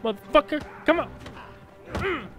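A man commenting on his own gameplay, reacting loudly and swearing at what happens on screen. His voice sits high and leaps around a lot, and he talks in slow bursts. Faint game music plays behind him. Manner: excitable, yelling and swearing at the game. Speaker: gaming commentator. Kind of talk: let's play commentary.

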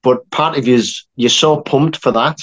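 Man telling a lively anecdote. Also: mid-range voice. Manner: lively storyteller, quick asides. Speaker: actor and filmmaker guest.

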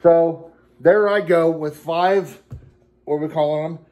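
Young guy vlogging right after an eating challenge, kinda out of breath, slightly high voice, casual rambling. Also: fairly even intonation, measured pace, darkish tone, highs cut off. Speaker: challenge channel host. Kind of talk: casual vlog talk.

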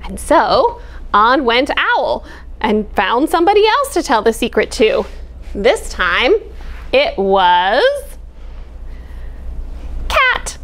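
A woman, a children's librarian, reading a picture book aloud in an expressive, sing-song way. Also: on the high side, takes it slowly, pauses often.

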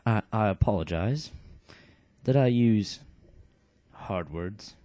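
A man's voice: on the low side, expressive, slow, dark tone, dry recording. A man voicing a bookish male shaman with a British accent, speaking in a prim, chatty, fussy way. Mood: flustered. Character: bookish male shaman, polite and long-winded.

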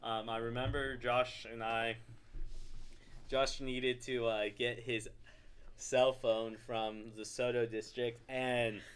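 Podcast co-host, male, relaxed rambling storyteller; bright, resonant voice. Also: mid-range voice, takes it slowly, smooth. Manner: laid-back rambling storyteller, many "like"s. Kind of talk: casual chat.

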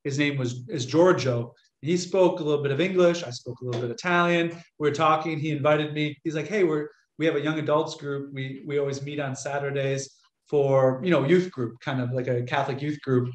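Chatty priest lecturing in an echoey room. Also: male voice, a little high, fairly quick, slight background noise. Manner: chatty, animated, frequent restarts. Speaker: catholic priest giving a talk. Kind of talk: casual lecture with slides.

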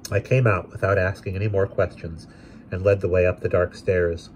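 A man narrating a classic novel aloud in a steady, expressive way. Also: deep voice, normal speed, a little hiss or hum. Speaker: audiobook reader.

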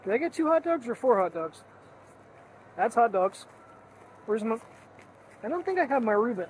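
A man with a very high voice and big pitch swings talks at a moderate pace over a faint hiss or hum. He's a vlogger chatting casually through a daily vlog outdoors in cold air, laughing often and talking to his dogs, recorded on a wireless clip-on mic.

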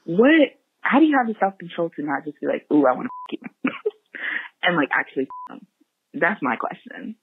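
Phone caller, rowdy and gushing, husky voice, tinny phone line. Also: mid-range voice, big pitch swings, fairly quick, no room sound.

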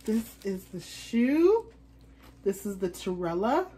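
A woman's voice: medium pitch, big pitch swings, takes it slowly, mellow, a little hiss or hum. A woman chatting casually in an unboxing vlog, rambling on as a fashion vlogger.

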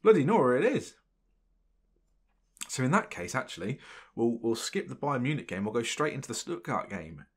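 A young man commentating his football management game, excitable and exclaiming when things go his way. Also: mid-range voice, a little fast, breathy edge. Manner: excitable, swearing mildly in exclamations. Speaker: gaming channel host. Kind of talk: gameplay commentary.

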